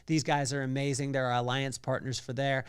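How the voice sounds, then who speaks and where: A man's voice: medium pitch, little pitch movement, a little fast, clean tone, dry recording, studio quality. A man hosting a solo podcast, telling a story with energy and acting out the quotes in other voices. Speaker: podcast host.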